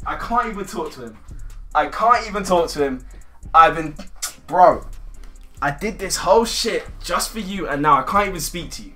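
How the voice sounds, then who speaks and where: A young man chatting with strangers on a video chat site. He talks loudly and excitably, swears a lot, and keeps bursting into shouts. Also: fairly high pitch, moderate pace, soft background music. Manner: loud, excitable and profane, breaking into shouts and laughter.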